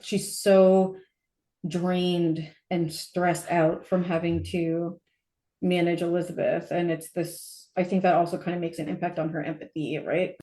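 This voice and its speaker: A woman's voice: lowish voice, flat delivery, unhurried, warm tone. A woman co-hosting a podcast, chatting casually and thoughtfully about a novel and using lots of filler words. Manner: thoughtful, analytical, with frequent fillers. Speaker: podcast co-host. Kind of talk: casual book discussion.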